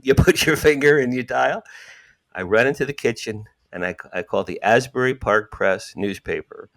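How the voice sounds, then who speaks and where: Animated storytelling man in his sixties. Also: mid-range voice, moderate pace, creaky. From New Jersey, USA. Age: 60s. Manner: animated, acts out dialogue and repeats for emphasis. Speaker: podcast guest. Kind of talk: storytelling interview.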